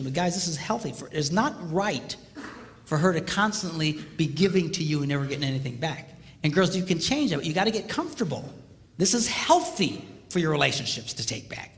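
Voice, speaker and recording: An older man with a high, lively voice delivers a marriage seminar, swinging between stories and firm advice. The talk is recorded in a hall with a long reverb trailing his words. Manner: animated storytelling, acts out voices.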